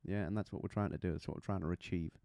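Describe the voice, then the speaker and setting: A man's voice: low voice, steady tone, racing, vocal fry, dark tone, no room sound. A man teaching singing technique, chatty and explaining with demonstrations and little stories. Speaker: vocal coach. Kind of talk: singing lesson to camera.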